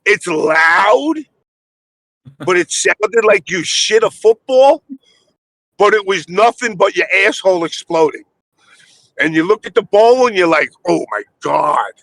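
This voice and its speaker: A man streamer telling a crude story in casual chat, animated, with put-on voices for the people in it. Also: high voice, unhurried, pauses often, no echo, poor audio.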